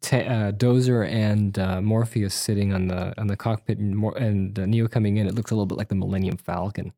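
An easygoing man co-hosting a casual podcast, laughing often as he talks. His voice has a husky, slightly breathy edge. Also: lowish voice, steady tone, brisk, dark tone, dry recording. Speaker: podcast co-host. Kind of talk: casual chat.

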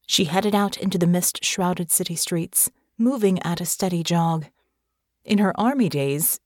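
Reading an audiobook script, a woman with a lowish voice keeps a steady, measured pace. The studio-quality recording has no echo.

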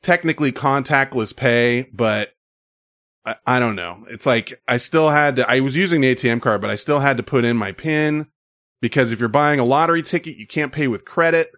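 A man's voice: medium pitch, fairly quick, fairly bright tone, no echo, studio quality. Rambling man in casual chat. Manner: rambling storyteller, many fillers.

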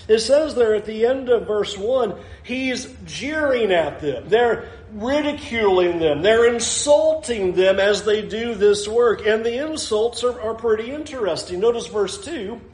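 Male pastor, sermon, high voice, roomy echo, chatty delivery. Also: animated, unhurried, few pauses, darkish tone. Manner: conversational, mimics voices of people in the story.

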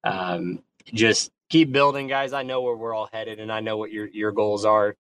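A man talking loosely on a group call, often stumbling and repeating himself as he thanks people. His pitch sits in the middle, and a faint hum of ambience runs behind him. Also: fairly even intonation, moderate pace, a bit bright. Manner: hesitant, repeats words, effusive. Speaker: guest on a community call. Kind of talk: casual chat.

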